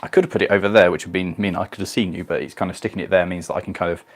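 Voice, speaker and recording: A man's voice: low voice, fairly even intonation, rapid-fire. A man hosting a casual live stream, rambling and self-deprecating as he reads viewer comments.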